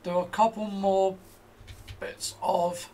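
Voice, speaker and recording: A man's voice: sits high, flat delivery, slow pace, mellow. A man giving casual commentary as he plays a game, thinking aloud to himself. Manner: chatty, thinks aloud while playing. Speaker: let's play host.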